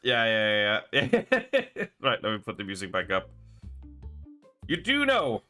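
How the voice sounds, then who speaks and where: Bright-voiced Australian man streaming. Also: on the low side, wildly swooping pitch, normal speed, smooth, soft background music. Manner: rambling, laughing often, many fillers. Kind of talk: casual chat while gaming.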